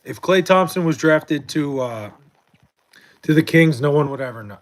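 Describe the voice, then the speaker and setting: A man's voice: fairly high pitch, expressive, normal speed. A young man hosting a live stream, chatting casually about sports in a profane, rambling way with many restarts and fillers, late at night at home. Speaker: livestream host reading chat.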